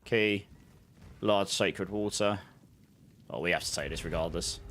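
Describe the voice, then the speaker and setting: A man's voice: low voice, moderate pace, long pauses, a bit bright, a little hiss or hum. A man giving casual, chatty gameplay commentary as a streamer, laughing often and humming little filler tunes. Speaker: game streamer.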